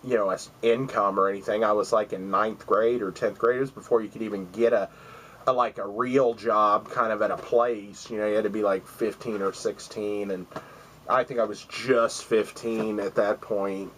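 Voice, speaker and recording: A man's voice: lowish voice, fairly even intonation, moderate pace, a bit bright, slight background noise, low-quality recording. A man in his forties telling a rambling, profane story to camera, acting out the other voices as he goes. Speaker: vlogger.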